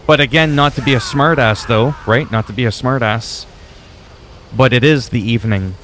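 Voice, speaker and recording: A French-Canadian game streamer rambles easygoingly with viewers while playing on a livestream, French being his first language. His voice is medium-pitched and a bit bright at normal speed, with a slight hiss or hum in the audio.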